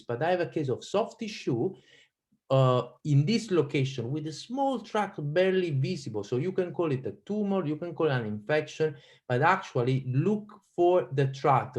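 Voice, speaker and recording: A man's voice: a little high, darkish tone. A man with an Italian accent giving an online teaching lecture on a video call, quizzing the audience and often restarting his sentences. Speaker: radiology lecturer.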